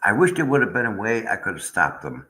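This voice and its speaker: A man's voice: lowish voice, sing-song, quick pace, pushed and bright, poor audio. A man hosting a casual livestream chat, rambling and aggrieved as he talks to viewers in the chat. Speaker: channel host.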